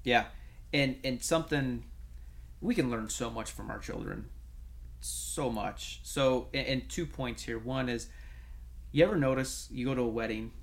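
Guy co-hosting a coaching chat show, gravelly voice, kind of rambly storyteller with lots of restarts. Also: medium pitch, a little slow. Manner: animated storytelling with many restarts and fillers. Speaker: podcast co-host, coach. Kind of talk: casual conversational chat.

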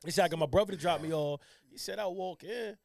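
A young man co-hosting a casual podcast, telling a story at a rapid clip. He rambles and slips into quoting others, his voice a touch high. The sound is dry and close. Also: no echo. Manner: rambling, slangy, quotes others in rapid bursts. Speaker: podcast co-host. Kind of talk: casual storytelling among friends.

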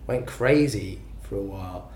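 A man with a low voice talks through his career as a singer-songwriter in a loose, rambling way, quick to poke fun at himself. The recording sounds roomy, with some echo. There is a faint hum of ambience behind him. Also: darkish tone. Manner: rambling, self-deprecating storytelling. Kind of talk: casual interview chat.

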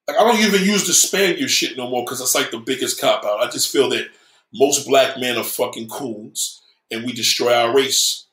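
A man's voice: medium pitch, fairly bright tone. Profane, combative man ranting in echoey room. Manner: swearing, combative, mocking, repeats himself. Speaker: livestream host reading viewer comments. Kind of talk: profane livestream rant.

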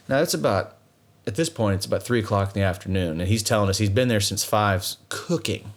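A man telling stories in a casual chat, animated and laughing often while acting out the people in them. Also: fairly low pitch, quick pace.

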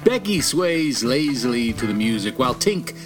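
A man's voice: mid-range voice, big pitch swings, moderate pace, music in the background. Man narrating with suspense. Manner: dramatic, suspenseful. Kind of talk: scripted horror-comedy narration.

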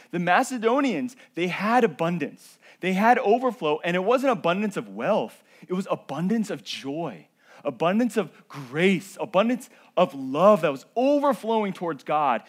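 A male pastor giving a sermon in a conversational way, checking in with the congregation with "okay?" and "right?", and building to emphatic, drawn-out peaks. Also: a little high.

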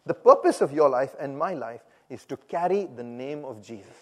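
A man preaching a sermon, who moves between loud, emphatic calls and quiet, reflective asides. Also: mid-range voice, lively intonation, normal speed. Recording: long hall reverb.

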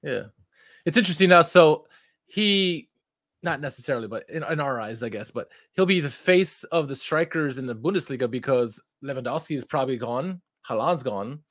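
A man's voice: medium pitch, lively intonation, normal speed, fairly bright tone, dry recording, clean studio sound. A man co-hosting a football podcast, talking loosely and correcting himself as he goes. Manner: rambling, self-correcting, loose. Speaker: podcast co-host. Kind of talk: casual football podcast chat.

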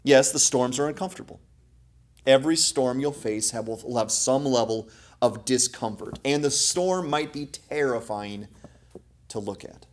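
Male pastor, husky tone, preaching with swings from soft asides to loud emphasis. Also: medium pitch, unhurried. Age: adult parent. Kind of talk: sermon.

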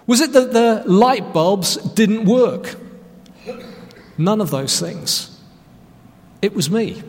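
A man's voice: sits high, long reverb tail. A man preaching a sermon as pastor, telling stories in a conversational, self-deprecating way.

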